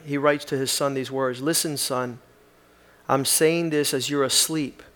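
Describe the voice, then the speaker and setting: A man preaching a sermon, reading aloud with rising emphatic passion. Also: a little high.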